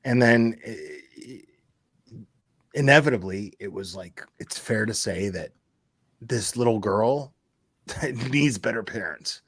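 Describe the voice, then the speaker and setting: A man's voice: lowish voice, expressive, slow pace, long pauses, a bit bright, slightly rough, no room sound, studio quality. A man hosting a casual chat, venting heatedly and swearing often, repeating himself as he talks. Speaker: YouTube channel host.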